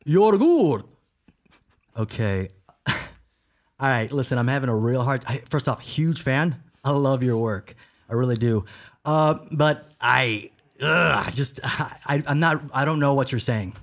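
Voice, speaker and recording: A man's voice: mid-range voice, animated, unhurried. A man doing a confused fan talking to Dracula. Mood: exasperated. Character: man putting on Dracula and a bewildered random guy. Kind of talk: comic skit in a podcast.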